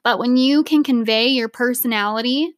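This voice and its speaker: A young adult woman co-hosting a podcast in casual chat, talkative and quick to laugh, with lots of "like". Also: fairly high pitch, no echo, clean studio sound. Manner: chatty, lots of "like", laughs easily. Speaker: podcast co-host.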